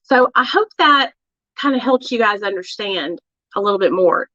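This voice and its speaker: A bright, forceful woman's voice, talking loosely to her livestream viewers and leaning on fillers as she goes. The sound is dry and a little dull, with a lo-fi feel close to the mic. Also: a little high, lively intonation, normal speed, no echo. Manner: chatty, addresses viewers, many fillers. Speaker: livestream host. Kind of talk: casual livestream chat.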